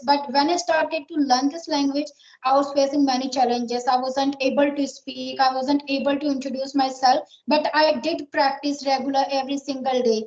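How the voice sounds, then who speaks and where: A woman's voice: high-pitched, darkish tone. A woman with an Indian accent, an English learner earnestly explaining her daily practice in a casual conversation. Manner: earnest, explains at length with many fillers. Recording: echoey, dull lo-fi sound.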